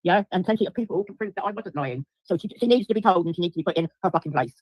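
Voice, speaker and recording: A woman's voice: fairly low pitch, animated, very fast, a little mellow, husky, dry recording. Middle-aged woman, livestream ranter, foul-mouthed and repetitive, dry close sound. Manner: swears heavily, repeats herself, addresses chat viewers. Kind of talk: angry livestream rant to viewers.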